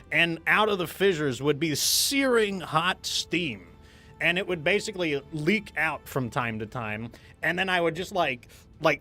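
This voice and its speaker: Gamer guy chatting on stream, kinda high bright voice, rambly and candid, lots of restarts. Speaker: gaming streamer host. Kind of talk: casual stream chat.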